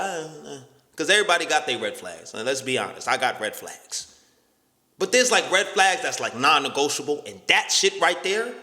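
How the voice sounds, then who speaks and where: A young man hosting a talk show, telling a story in a loud, profane rant and acting out the other voices. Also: sits high, big-room sound. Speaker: podcast host.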